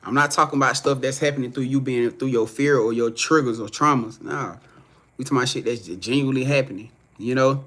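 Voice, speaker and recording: A man's voice: medium pitch, fairly quick, a bit bright. A young man chatting casually on a live stream as a psychic reader, loose and profane, rambling with many restarts and reading out viewers' comments.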